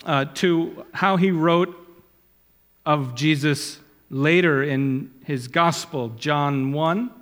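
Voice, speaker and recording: A man preaching a sermon, swelling loud and high when he quotes Scripture and dropping low and quiet on asides. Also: takes it slowly. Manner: rises in pitch and volume when quoting Scripture, drops low on asides. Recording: long hall reverb.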